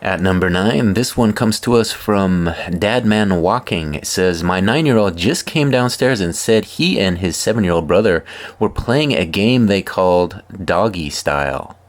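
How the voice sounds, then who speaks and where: A man hosting a comedy video, reading funny posts aloud with wry, deadpan asides. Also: low voice, a little slow. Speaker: host reading viewer posts.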